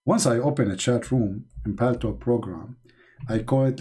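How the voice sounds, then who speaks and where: Sarcastic Arabic-accented man, husky. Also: mid-range voice, normal speed. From Middle East. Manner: mocking, sarcastic, animated, reads out chat comments. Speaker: online show host. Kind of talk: casual live-stream chat.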